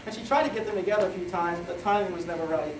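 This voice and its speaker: A middle-aged man giving a rambling, joking wedding toast, halting often with fillers as he loses his thread. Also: high-pitched, background noise. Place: wedding reception hall. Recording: echoey hall from far off, crowd chatter.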